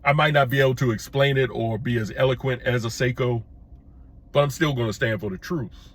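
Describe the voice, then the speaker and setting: A middle-aged man giving an opinion commentary to his viewers, plain-spoken and emphatic, repeating his points and pushing his pitch up when he presses one. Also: fairly even intonation, brisk. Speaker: commentary vlogger.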